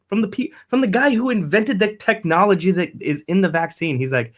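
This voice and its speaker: A man's voice: on the high side, lively intonation, fairly quick, hardly any pauses. A man, hosting a casual live-stream podcast, rambling, cursing and laughing often as he reads out viewer comments. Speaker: podcast host.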